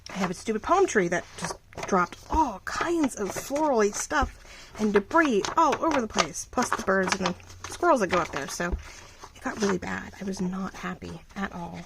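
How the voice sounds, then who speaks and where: A woman's voice: mid-range voice, animated, moderate pace, creaky, noisy background. A woman vlogger chatting casually while she crafts, thinking aloud and restarting her sentences as she goes.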